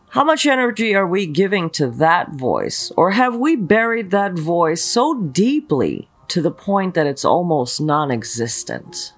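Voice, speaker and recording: Slow, earnest spiritual teacher. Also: medium pitch, a bit bright. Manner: earnest, asks many rhetorical questions, often checks in with "okay". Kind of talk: slow motivational spiritual talk leading a mantra.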